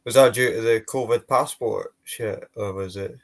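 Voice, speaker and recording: A man's voice: lowish voice, moderate pace, creaky. A Scottish man co-hosting a live football watch-along with blunt, short, sweary remarks. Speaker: co-host. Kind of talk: casual live commentary chat.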